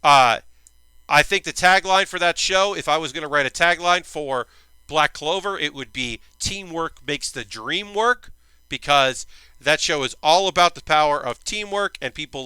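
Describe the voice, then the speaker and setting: A man's voice: fairly high pitch, moderate pace, pushed and bright, smooth, no room sound, rough recording. A man hosting his own stream, chatting casually and enthusiastically through an anime recap, a little tired and yawning, with rambling fillers. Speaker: streamer and host.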